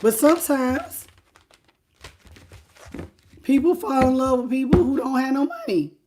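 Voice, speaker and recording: Woman tarot reader on a livestream, a bit high-pitched, animated and direct with her viewers. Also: measured pace, background noise. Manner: animated, talks straight to the viewer and greets chat by name; repeats phrases for emphasis. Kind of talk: live tarot reading.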